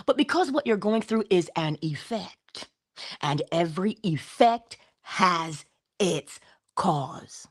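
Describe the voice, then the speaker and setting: A woman hosting a spiritual talk, animated and laughing often as she tells stories. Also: mid-range voice, measured pace. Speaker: spiritual channel host. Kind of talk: casual spiritual talk to viewers.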